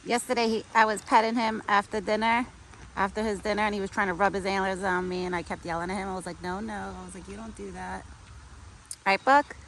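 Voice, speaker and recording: A woman chatting casually to camera outdoors while feeding a pet deer, cooing to it in soft baby talk. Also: medium pitch, little pitch movement, fast. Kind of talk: casual outdoor vlog chat. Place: outdoors in a windy yard. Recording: faint wind and outdoor noise.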